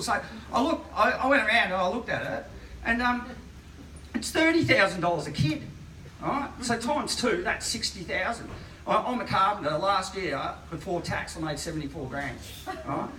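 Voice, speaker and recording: A man's voice: sits high, lively intonation, normal speed, sharp tone. Rambling Australian man in his forties. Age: 40s. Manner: rambling, filler-heavy storytelling. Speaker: stand-up comedian. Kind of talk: stand-up comedy. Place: live comedy venue. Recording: echoey venue, distant mic, noisy. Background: audience laughter.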